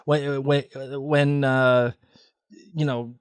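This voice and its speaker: A man's voice: mid-range voice, flat delivery, extremely slow, clean tone, dry recording. A man in his thirties co-hosting a podcast, joking and reading listener letters aloud. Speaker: podcast co-host. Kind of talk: casual chat.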